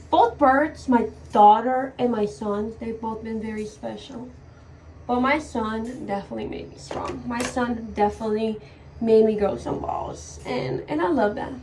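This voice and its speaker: A young woman tells her birth story in a casual, emotional vlog, cursing here and there as she does her makeup. Her voice sits a bit high. She is a little away from the mic, with faint background noise. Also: far from the mic, rough recording. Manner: chatty, emotional, swears casually, talks while doing makeup. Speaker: vlogger.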